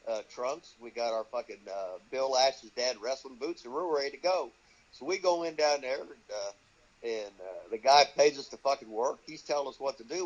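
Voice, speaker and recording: An older man who trains wrestlers, telling profane stories in an interview and acting out the voices of the people he quotes. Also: medium pitch. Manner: swears constantly, acts out quoted voices. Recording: dull lo-fi audio.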